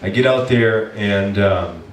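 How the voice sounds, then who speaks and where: A low-pitched male pastor preaches to his congregation, retelling a personal story with animated swings into exasperated shouting. He is recorded from a distance in a reverberant church sanctuary with a faint hiss underneath. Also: takes it slowly. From Maine. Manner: animated storyteller, bursts into loud exasperated shouts when quoting himself. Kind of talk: storytelling sermon. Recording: echoey church hall, from a distance, faint noise.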